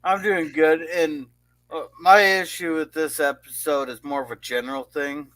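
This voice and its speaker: Blunt, bright-voiced man grumbling. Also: fairly high pitch, fairly even intonation, normal speed, dry recording. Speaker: panelist. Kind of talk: casual review chat.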